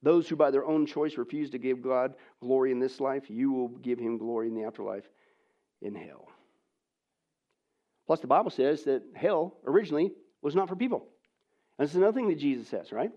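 A man preaching a sermon, swinging between hushed, near-whispered lines and loud, emphatic ones, and asking the audience rhetorical questions. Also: medium pitch, a little fast. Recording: dull lo-fi recording.

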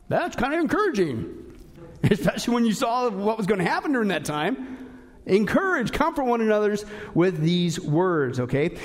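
A male pastor preaching a sermon in an emphatic, animated way, with frequent asides to his listeners. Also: high voice.

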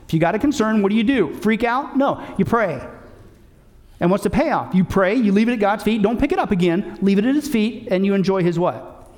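High-voiced preaching man, emphatic. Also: animated, a little fast, darkish tone. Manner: emphatic, asks the audience rhetorical questions. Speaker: pastor. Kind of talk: sermon.

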